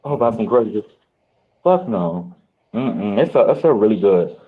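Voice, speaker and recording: A man on a reality show after-show, telling candid stories in casual chat, animated and profane, with big swings in his voice. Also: lowish voice, moderate pace, breathy edge, phone-quality sound. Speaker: reality show cast member.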